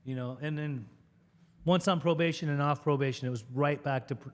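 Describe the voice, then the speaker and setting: A middle-aged man from Southern California tells his story candidly, swearing freely and laughing often. His voice sits a little higher than most men's. The room rings with a long reverb. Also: a little fast. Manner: profane, animated, laughs often. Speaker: podcast guest, addiction interventionist.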